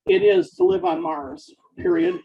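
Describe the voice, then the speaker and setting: Author dictating his novel: high, lively voice with fry, slow and deliberate, calls out punctuation; muffled lo-fi recording. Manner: speaks punctuation marks aloud, slow and deliberate. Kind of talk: dictating fiction aloud.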